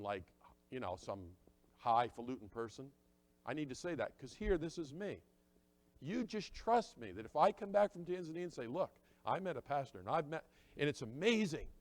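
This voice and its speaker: A middle-aged man preaching a sermon, talking conversationally and acting out little dialogues, dropping to quiet asides and rising to loud emphatic points. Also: on the high side, very animated, normal speed. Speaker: pastor.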